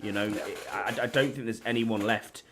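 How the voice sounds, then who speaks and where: A man's voice: fairly low pitch, steady tone, moderate pace, fairly bright tone, a little hiss or hum. Tired, rambling northern English man. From northeast England. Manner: rambling, many restarts. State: tired with a flu. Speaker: podcast co-host. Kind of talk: casual chat.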